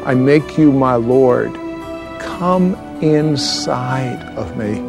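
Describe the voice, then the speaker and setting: A male TV host speaks very slowly and solemnly, repeating phrases as he leads a prayer. His voice has a middle pitch, and clear music plays behind him. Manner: slow, repetitive, solemn. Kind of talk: preaching and leading a prayer. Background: soft music.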